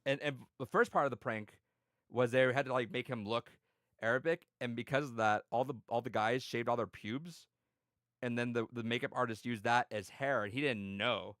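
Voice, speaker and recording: A man co-hosting a podcast, telling a story in casual chat, swearing a lot and acting out quotes with loud yelled voices. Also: medium pitch, moderate pace, no room sound, clean studio sound. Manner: swears freely, many fillers. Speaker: podcast co-host.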